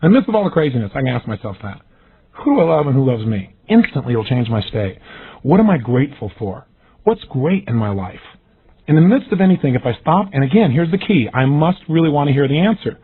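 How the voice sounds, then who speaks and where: A man giving an energetic, emphatic motivational seminar talk, acting out the questions he quotes. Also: a little high, quick pace, slightly rough. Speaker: motivational speaker. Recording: tinny phone-like lo-fi audio.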